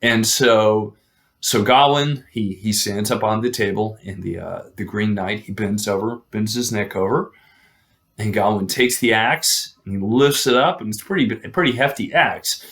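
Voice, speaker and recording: A man's voice: fairly low pitch, moderate pace, fairly bright tone. A man casually retelling an old legend, rambling with fillers and restarts.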